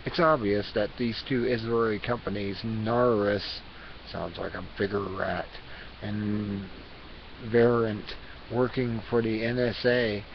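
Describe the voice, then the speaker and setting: A man vlogger reading an article aloud, halting and repeating words as he goes. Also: lowish voice, gravelly. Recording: dull lo-fi recording with hiss.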